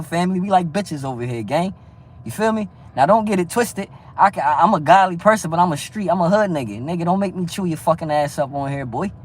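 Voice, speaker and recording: A man with a slightly higher-than-average voice talks loosely to his livestream viewers. He preaches about faith one moment and curses out the chat the next. He is heavy on street slang and keeps circling back with "you feel me". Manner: stumbling restarts, frequent "you feel me". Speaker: livestream host.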